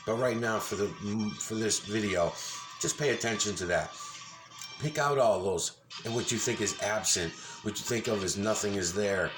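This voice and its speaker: A man's voice: fairly low pitch, moderate pace, music in the background. A man giving a casual, ranting commentary over a video, insistent and full of swearing. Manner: angry, profane, ranting; insistent, repeats himself.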